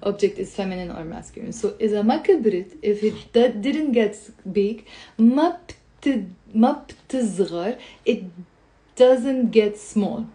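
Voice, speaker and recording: A woman teaching Lebanese Arabic in a live-streamed lesson, chatty and laughing often, greeting viewers as she drills phrases slowly. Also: medium pitch, animated, warm tone.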